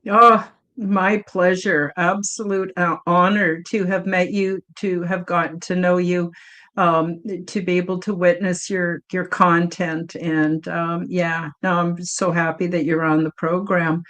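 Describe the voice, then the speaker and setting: A woman's voice: lowish voice, little pitch movement, measured pace, a bit bright. A woman hosting an interview, affirming and openly emotional as she talks to her guest. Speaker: host. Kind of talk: casual interview talk.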